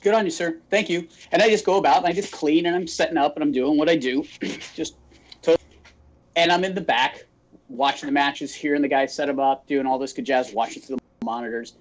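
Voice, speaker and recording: Here's a podcast co-host from Phoenix, Arizona, whose slightly high, brisk voice carries his casual storytelling. He's an animated teller who performs the quotes as he goes.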